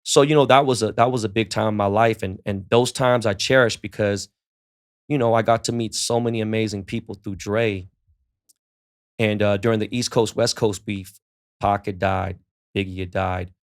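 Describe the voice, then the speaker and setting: A middle-aged man with a low, gravelly voice, spinning profane stories as a podcast guest. He slips into the people he quotes as he talks, keeping it loose and laid-back throughout. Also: steady tone, normal speed. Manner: profane, laid-back storyteller who acts out quoted dialogue. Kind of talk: casual storytelling in a podcast interview.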